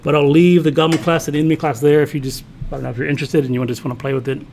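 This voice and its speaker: A man's voice: on the high side, level tone, very fast, gravelly, a little mellow, slight background noise. A man teaching a programming class, talking casually and thinking aloud as he codes, often checking in with students. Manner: casual, thinks aloud while typing, talks to himself. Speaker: college programming instructor. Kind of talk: classroom lecture with live coding.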